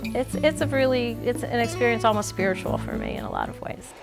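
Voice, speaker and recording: A woman's voice: fairly high pitch, wildly swooping pitch, a little fast, gravelly. A middle-aged woman from Buffalo, a cookbook author, chatting while she cooks and recalls family meals. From Buffalo, New York. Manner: warm reminiscing, laughs often. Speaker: cookbook author and home cook. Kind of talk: cooking demonstration and interview. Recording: with music behind.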